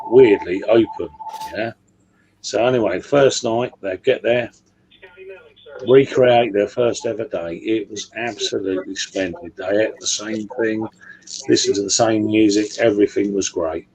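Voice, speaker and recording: Man, low and gravelly, spinning a crude pub-style joke. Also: darkish tone, slight background noise, low-quality recording. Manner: crude, chatty storyteller who keeps checking in with listeners. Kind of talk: casual joke-telling chat.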